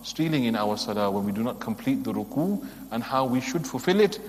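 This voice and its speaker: A man's voice: medium pitch, lively intonation, a little fast. A man giving a religious lesson, earnest and emphatic, asking his listeners pointed rhetorical questions. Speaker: religious teacher. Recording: long hall reverb.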